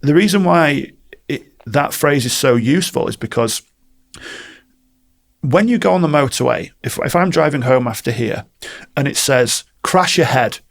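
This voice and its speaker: A man's voice: medium pitch, vocal fry. A man, a performance coach, telling stories with energy in a casual podcast interview and acting out quotes. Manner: animated storytelling, acts out quotes.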